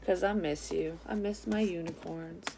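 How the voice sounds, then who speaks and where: A woman, a psychic reader telling a story in a casual tarot vlog, candid and quick to swear. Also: lowish voice, steady tone, vocal fry, heavy background noise.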